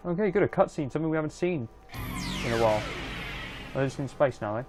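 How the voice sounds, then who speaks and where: A man's voice: on the high side, expressive, brisk, pauses often, darkish tone. Rambling young man doing game commentary. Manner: rambling, easily frustrated, full of restarts. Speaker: let's play host. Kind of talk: casual gameplay commentary. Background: game music.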